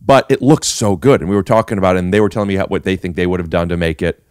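Deep-voiced man bantering. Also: fairly even intonation, very fast, a little mellow, clean tone, no echo, studio quality. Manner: joking, teasing banter. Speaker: podcast host. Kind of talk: casual chat.

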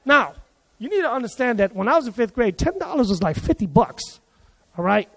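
A man preaching a sermon at a church service, telling a childhood story in an animated way and acting out the other people in it. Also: very high voice, fairly quick, vocal fry. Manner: animated, acts out quoted voices. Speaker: pastor. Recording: long hall reverb.

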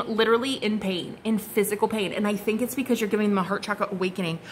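A woman's voice: medium pitch, brisk, slight background noise. A woman giving a casual, gushing tarot reading to her viewers, exclaiming and swearing freely as she turns the cards. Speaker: tarot card reader.

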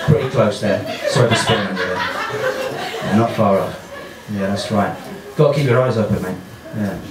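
A man with an English accent doing a stand-up comedy set in a small club, deadpan and offhand, chatting with the crowd. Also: lowish voice, moderate pace. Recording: echoey comedy club with loud noise.

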